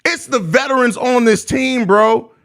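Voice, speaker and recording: A man's voice: very high-pitched, unhurried, fairly bright tone. A young man hosting a live postgame stream, ranting in exasperated, profane slang about his team's loss. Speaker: host of a live postgame show.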